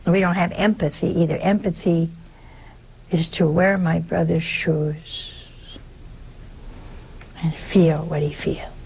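Slow, gravelly older woman preaching. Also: fairly low pitch, fairly even intonation, darkish tone. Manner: conversational, emphatic with rhetorical questions. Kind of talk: sermon.

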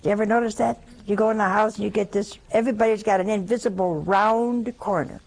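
A woman's voice: mid-range voice, fairly even intonation, fast talker, vocal fry, a little mellow, rough recording. A woman giving a conversational Catholic sermon, telling folksy anecdotes and acting out the dialogue. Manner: folksy storytelling, acts out dialogue. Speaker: Catholic religious speaker.

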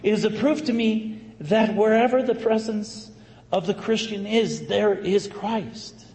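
A man, a Catholic priest, telling a story in a sermon with a lively, conversational manner and emphatic bursts. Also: sits high, unhurried. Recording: echoey hall, faint ambience.

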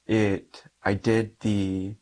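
A man's voice: on the low side, flat delivery, extremely slow, darkish tone. A young man, a Catholic priest, earnestly telling a personal story in an interview and often laughing between sentences.

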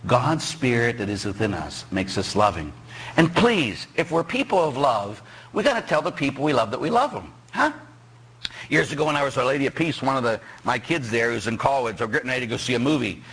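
A middle-aged man from Pittsburgh, a parish priest preaching a sermon, animated and joking as he quizzes his congregation. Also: medium pitch, fast talker, slightly rough. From Pittsburgh, USA.

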